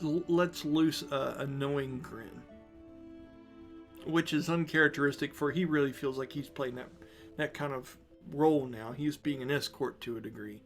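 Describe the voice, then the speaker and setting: A man narrates a tabletop game as dungeon master. His voice sits on the higher side, and he talks in a relaxed, chatty way, laughing easily.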